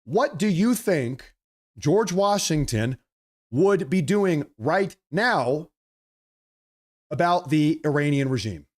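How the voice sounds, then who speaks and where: A man hosting a political livestream, chatting casually with viewers and reading their messages, with a slight cough, animated and prone to repeating himself. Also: a little high, takes it slowly, pauses often. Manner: animated, repeats phrases, apologetic asides.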